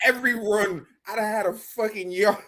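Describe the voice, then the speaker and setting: A man co-hosting a podcast in casual chat, profane and animated, acting out characters for laughs. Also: sits high. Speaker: podcast co-host.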